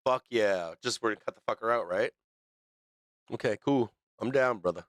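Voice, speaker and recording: A man hosting a livestream, talking unscripted with heavy swearing and halting fillers. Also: on the low side, no room sound, studio quality. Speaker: livestream show host.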